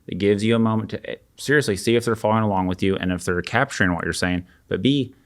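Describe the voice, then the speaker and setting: Low-voiced man giving sales tips. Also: quick pace. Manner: relaxed, practical, acts out short sample questions. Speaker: sales coach. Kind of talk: casual explanation of sales technique.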